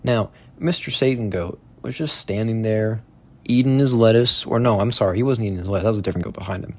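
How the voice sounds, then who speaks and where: A man's voice: lowish voice, quick pace, a little mellow. A man telling a rambling, casual story to his viewers, full of fillers, asides and swearing, in a tone of amused disbelief. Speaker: vlogger.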